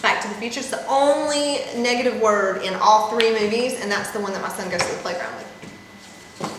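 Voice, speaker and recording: A woman's voice: fairly high pitch, moderate pace. A woman in her thirties co-hosting an advice chat, reading questions and joking playfully. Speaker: co-host answering viewer questions. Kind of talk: casual chat. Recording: echoey room with faint hiss.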